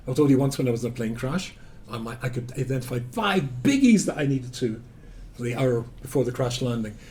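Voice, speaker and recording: This rabbi from Scotland speaks in a mid-range voice while giving a Torah talk to a live crowd. His storytelling leans on self-mocking humor, and he swings from booming emphasis to hushed asides.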